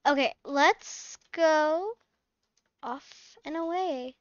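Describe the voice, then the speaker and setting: A woman's voice: high voice, drawn-out words, no room sound, highs cut off. A woman hosting her channel, chatting and acting as a fussing, scolding mom in a game role-play. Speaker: channel host playing a mom.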